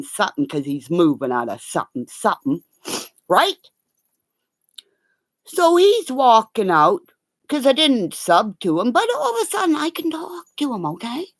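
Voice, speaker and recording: A woman in a rambling, profane livestream rant that breaks into sudden shouting. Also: mid-range voice, no echo, clean studio sound. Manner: profane, erratic, bursts into shouting.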